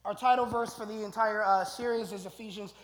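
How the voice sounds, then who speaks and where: Male pastor, very high voice, conversational sermon, builds to loud emphatic bursts, echoey church hall. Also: fairly even intonation, a little fast. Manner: conversational, tags lines with "right?", builds to loud emphatic stretches. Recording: echoey hall, long reverb.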